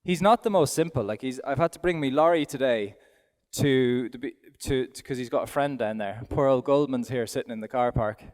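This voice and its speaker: A man's voice: mid-range voice, brisk, darkish tone. A middle-aged man with an Irish accent gives live demonstration commentary as an event rider, chatting aloud in a self-deprecating way while he rides. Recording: long hall reverb from an arena.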